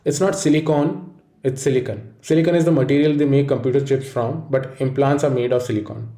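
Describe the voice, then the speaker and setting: A man giving a scripted pronunciation lesson in a measured, explanatory way. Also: medium pitch, steady tone, dark tone, roomy sound. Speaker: pronunciation teacher. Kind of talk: scripted instructional narration.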